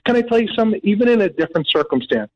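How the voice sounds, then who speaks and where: Male caller, earnest and halting, voice a bit high, heard over a phone line. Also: very animated. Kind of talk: phone call to a radio show.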